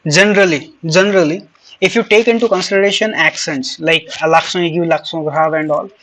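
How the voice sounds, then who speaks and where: High-voiced man interviewing with many fillers. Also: fairly even intonation, brisk, a bit bright. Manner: hesitant, many fillers and restarts. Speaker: French teacher, interviewer. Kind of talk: casual interview.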